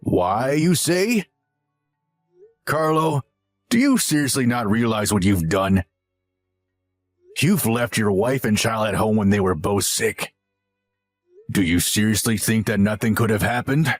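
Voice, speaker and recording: A stern older father speaks in a firm, measured, reproachful way, with a voice that rises and falls widely. A man reads him out in a story. Faint music plays behind. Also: on the low side, animated. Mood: grave.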